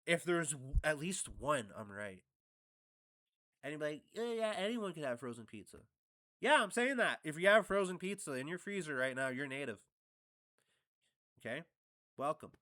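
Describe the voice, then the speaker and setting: Canadian guy ranting on his vlog, cheeky and sweary, smooth clear voice. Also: fairly high pitch, pushed and bright, no room sound, clean studio sound. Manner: blunt, provocative, jokey, swearing. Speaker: vlog host. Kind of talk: casual rambling monologue. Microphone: upgraded studio mic.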